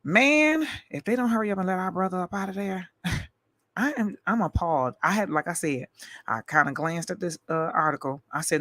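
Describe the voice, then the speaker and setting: A tired woman hosting a live stream, delivering a fiery, profane rant full of rapid-fire repetition. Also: fairly low pitch, expressive, fairly bright tone, no room sound.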